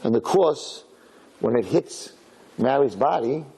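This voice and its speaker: A male rabbi telling a story in a sermon, animated and acting out voices, with Hebrew and Yiddish terms mixed in. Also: medium pitch, slow pace, husky, poor audio.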